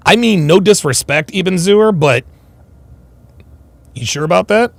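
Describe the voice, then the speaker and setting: A man's voice: sits high, animated, unhurried, creaky, dry recording. A man hosting a casual livestream, reacting with mockery to a video and reading viewer comments aloud. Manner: mocking, reads chat comments aloud. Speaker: livestream host.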